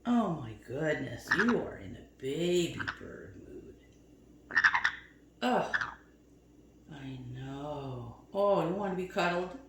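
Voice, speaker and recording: Pet owner, woman, coaxing baby talk; slow, lively pitch, echoey home room. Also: a little hiss or hum. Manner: coaxing sing-song baby talk with sudden high squeaks. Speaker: bird owner training her pet.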